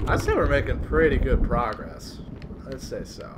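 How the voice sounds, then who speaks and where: A young man doing casual let's-play commentary on a horror game, reacting excitably and swearing a lot. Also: mid-range voice, normal speed, noisy background. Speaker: gaming video host.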